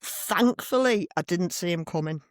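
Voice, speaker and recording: A middle-aged woman, co-hosting a podcast and telling stories in a blunt, animated way with plenty of swearing. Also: fairly low pitch, normal speed, no echo, studio quality. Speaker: podcast co-host. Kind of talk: casual chat. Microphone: desk microphone.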